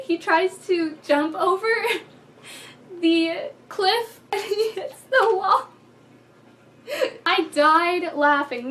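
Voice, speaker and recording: A woman's voice: extremely high pitch, a bit bright. A woman reviewing a movie in a casual vlog, bubbly and chatty, often breaking into giggles.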